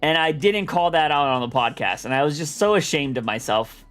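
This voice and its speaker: A young man talks loosely on his livestream, rambling in slang with plenty of animation. His voice sits high and bright with a sharp edge. Faint music plays behind him. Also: lively intonation, a little fast. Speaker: streamer and comic podcast host. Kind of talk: casual livestream chat.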